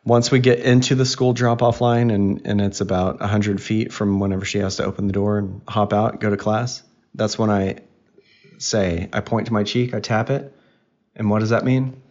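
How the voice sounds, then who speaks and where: Here a father with a lowish, slightly mellow voice co-hosts a casual podcast with his daughter, teasing her in a playful way. His intonation is fairly even and his pace moderate, and the recording sounds dull and lo-fi.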